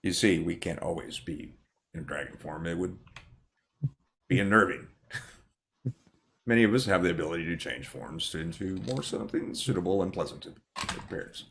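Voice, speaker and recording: A graceful dragon woman speaks in formal, measured pronouncements, as a man voices her. The voice sits low and gravelly, as a game master speaks her in a tabletop game. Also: animated, fairly bright tone, a little hiss or hum, full character voice. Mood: stately. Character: graceful silver-haired dragon lady, woman, stately.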